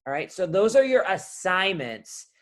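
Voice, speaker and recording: A young man, a college speech instructor, talking through a class assignment in a relaxed, chatty way and often checking in with "right?". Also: high voice, unhurried. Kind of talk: recorded course walkthrough.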